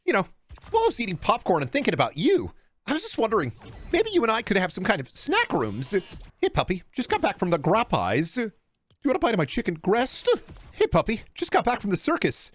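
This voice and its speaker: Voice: mid-range voice, huge pitch swings, a little fast, voice pushed up. A voice changer turns a man's voice into a flirty woman who teases her "puppy".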